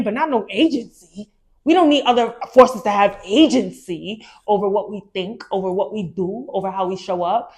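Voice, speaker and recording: Animated woman reading and reacting. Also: medium pitch, moderate pace. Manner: animated and emphatic, repeats phrases, uses slang. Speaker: podcast host reading a book aloud. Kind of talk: casual chat mixed with reading aloud.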